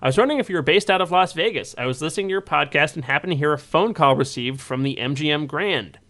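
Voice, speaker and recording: A man's voice: a little high, animated, fast talker, fairly bright tone. A man hosting a casual podcast chat and reading out listener emails, rambling with many fillers and restarts. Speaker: podcast host.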